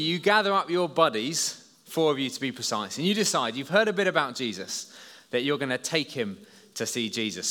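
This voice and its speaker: Male preacher, animated storyteller, bright tone, echoing church hall. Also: medium pitch. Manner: lively, storytelling, talks to listeners as "you". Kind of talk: children's talk sermon. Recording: long hall reverb.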